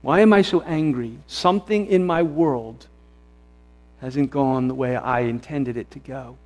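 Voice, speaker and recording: A man's voice: mid-range voice, measured pace, a little mellow. A man preaching a sermon as pastor, earnest and repetitive, often restarting his phrases. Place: church sanctuary. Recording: long reverb of a church hall.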